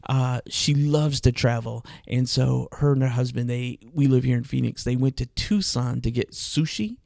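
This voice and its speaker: A man's voice: medium pitch, normal speed, creaky, a little mellow, no room sound, studio quality. A man hosting a podcast, chatting casually with gossipy, dramatic flair. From Mexico. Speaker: podcast host. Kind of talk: casual chat.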